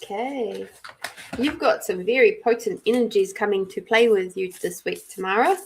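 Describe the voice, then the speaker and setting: With a gravelly, mid-range voice at normal speed, this middle-aged Australian intuitive card reader runs a casual live-stream. She chats and giggles, greeting viewers by name, and there's slight background noise.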